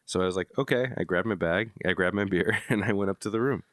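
A man's voice: deep voice, steady tone, fast, a bit bright, no room sound. A man co-hosting a podcast, laid-back, with dry interjections in casual chat. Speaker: podcast co-host.

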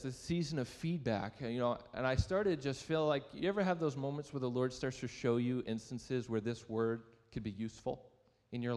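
Speaking from a church sanctuary, a young man who is a pastor delivers a sermon built around a self-deprecating personal story, chatting with the audience and asking them questions. He has a mid-range, somewhat dark voice, heard in a large-sounding room.

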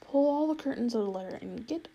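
A woman's voice: a little high, lively intonation, fast, gravelly, warm tone, highs cut off. A woman voicing a determined young noblewoman in urgent, pleading hiding.

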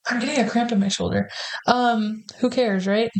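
A woman's voice: fairly high pitch, fairly even intonation, moderate pace, gravelly, rough recording. A woman in her thirties hosting a podcast, teasing and swearing in casual chat as she prods her guest with questions. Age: 30s. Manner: teasing, profane, pushy interviewer. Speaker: podcast host.

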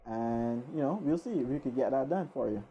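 A woman podcast host with a low, very dark and mellow voice tells a story casually and acts out the voices of its people. The recording is slightly muffled and lo-fi. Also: a little fast. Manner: animated, acts out voices in stories.

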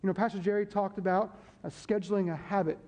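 A pastor preaches to his church conversationally, repeating key phrases and checking in with the congregation. His high-pitched voice is steady, quick and darkish in tone, carried by long hall reverb in the sanctuary.

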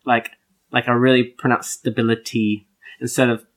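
A man's voice: mid-range voice, moderate pace. Laid-back man, filler-heavy chat. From United States. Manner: relaxed, laughs often, lots of "like" fillers. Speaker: podcast co-host. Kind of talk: casual chat.

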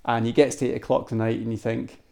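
A Scottish man, a podcast guest, telling a story in a lively style, with many restarts. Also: medium pitch, fast talker, creaky. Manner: animated storyteller, restarts and laughs. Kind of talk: anecdotal storytelling.

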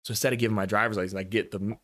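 A man's voice: fairly low pitch, racing. Young man telling a story casually. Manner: animated, swears freely, acts out voices in his story.

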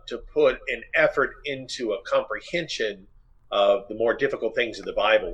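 A man with a husky voice takes part in a casual Bible study discussion. He speaks in a measured, careful way and often pauses with fillers as he works through his points. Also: medium pitch, a bit bright, dull audio.

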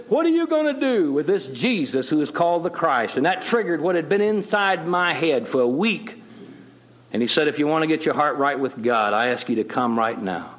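A man's voice: fairly high pitch, a bit bright, highs cut off. A middle-aged man telling his personal conversion story in a folksy, plain-spoken way with homespun grammar. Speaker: guest telling his testimony.

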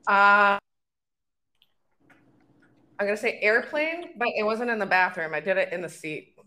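A woman's voice: mid-range voice, very animated, a little slow, bright, forceful tone. A young Canadian woman co-hosting a podcast, telling frank, profane stories in casual chat. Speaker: podcast co-host.

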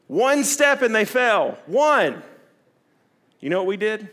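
A middle-aged man, preaching a sermon in a candid, conversational way that swings from loud to hushed. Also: high voice, big pitch swings, normal speed. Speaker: pastor.

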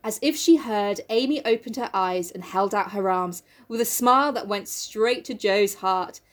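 A woman's voice: medium pitch, moderate pace. A woman from the UK co-hosting a casual podcast, giggly and sweary, reading from a classic novel between jokes. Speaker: podcast co-host.

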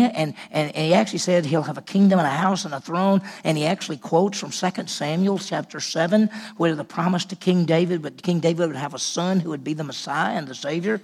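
A man's voice: a little high, brisk, vocal fry, few pauses, a little mellow, slightly rough. A man preaching a sermon as senior pastor, telling it in a folksy way and acting out the quotes. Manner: folksy storytelling, acts out quotes.

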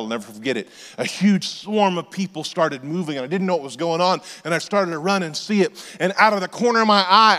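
A man in his forties, a pastor telling comic stories in a sermon and shouting his punchlines. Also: a little high. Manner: animated storyteller, shouting punchlines. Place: church auditorium. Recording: long hall reverb.

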